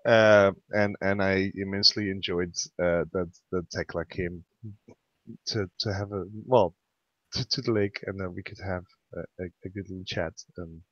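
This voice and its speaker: A man playing in a tabletop game, talking haltingly about his favorite moments. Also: low-pitched, fairly even intonation, no echo, dull audio. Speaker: player. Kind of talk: casual post-game chat.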